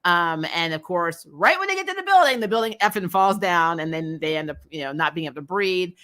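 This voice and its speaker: A woman hosts a casual recap of a TV episode, talking loosely with lots of fillers and quick laughs. Her voice is on the low side, expressive, bright and a little tense, and she sounds openly exasperated and opinionated.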